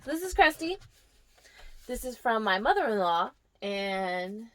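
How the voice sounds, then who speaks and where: A woman's voice: fairly high pitch, animated, normal speed, a bit bright. A young woman giving a casual tour of her houseplants, chatting fondly to them and sometimes dropping to a near whisper. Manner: drops to a near whisper at times. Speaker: plant vlogger. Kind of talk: casual plant tour vlog.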